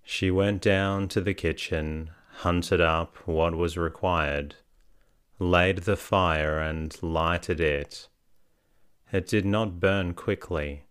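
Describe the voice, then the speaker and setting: Deep slow-reading man. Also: clean tone, dry recording, clean studio sound. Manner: slow, soothing and even. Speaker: sleep story narrator. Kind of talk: calm bedtime story reading.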